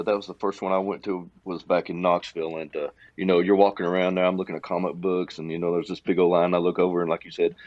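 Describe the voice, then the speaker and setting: Low-voiced excitable man, dull lo-fi audio. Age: middle-aged. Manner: excitable, acts out reactions. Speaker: podcast guest. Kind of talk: casual storytelling chat. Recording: dull lo-fi sound.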